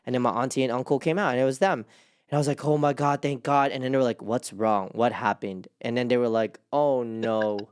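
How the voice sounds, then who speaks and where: A young man hosting a casual chat, telling a personal story in a rambling way, with lots of "like" and sudden jumps up in pitch as he relives his panic. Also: fairly even intonation, fairly quick, smooth. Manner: rambling with many restarts and "like". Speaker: host.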